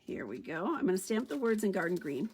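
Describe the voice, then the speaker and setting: A woman's voice: mid-range voice, very animated, brisk, a little hiss or hum. A woman giving a chatty card-stamping tutorial, thinking aloud as she works. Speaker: stamping demonstrator. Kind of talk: craft tutorial demo.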